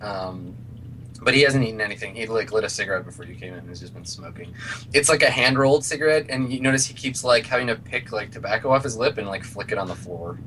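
A man's voice: lowish voice, quick pace, sharp tone, slight background noise. A man running a tabletop role-playing game as game master, describing scenes in a loose, filler-heavy way.

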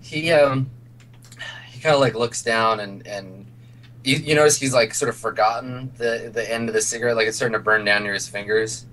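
A man's voice: mid-range voice, moderate pace, fairly bright tone. A man running a tabletop role-playing game as game master, describing scenes in a loose, filler-heavy way.

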